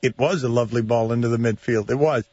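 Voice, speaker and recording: A man's voice: mid-range voice, quick pace, darkish tone, slightly rough, no room sound. A man hosting a sports radio show, talking in casual banter, self-deprecating and stammering, often laughing at himself. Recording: dull lo-fi radio broadcast, dry.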